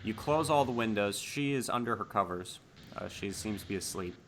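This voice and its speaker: A man running a tabletop horror game as game master, relaxed, often asking the players what they do. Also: fairly low pitch, a little fast, slight background noise. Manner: relaxed, asks players questions, fillers.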